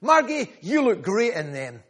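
A man's voice: high voice, sing-song, measured pace, a bit bright. A man preaching a sermon, fervent and rhythmic, calling out members of the congregation by name. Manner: rhythmic repetition, builds in volume.

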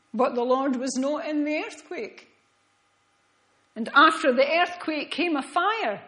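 Slow, earnest woman preaching. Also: high-pitched, poor audio. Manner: earnest, slow and reflective, drops to soft hushed tones. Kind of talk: sermon.

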